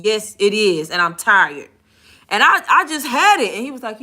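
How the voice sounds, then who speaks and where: A woman's voice: on the high side, big pitch swings, fairly quick, bright, forceful tone. A woman casually telling a story about her call center job, frank and exasperated, acting out the conversations. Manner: candid and exasperated, acts out dialogue; frank with swearing and casual slang.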